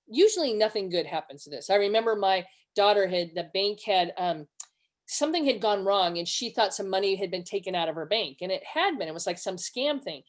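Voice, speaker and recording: A middle-aged woman presenting a webinar, teaching conversationally with personal stories and acting out quoted dialogue. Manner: earnest, acts out quoted dialogue with lively pitch jumps.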